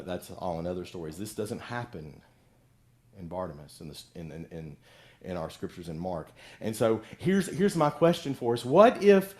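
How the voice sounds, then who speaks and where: A middle-aged male pastor delivers a conversational sermon in a low, somewhat mellow voice. As he tells a story, he acts out the voices of the people in it.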